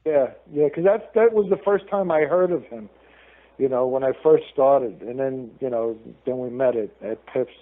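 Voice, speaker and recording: A man, a guest telling lively stories in a casual interview and acting out the lines of the people in them. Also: mid-range voice, normal speed. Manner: animated, acts out quoted lines. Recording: tinny phone line.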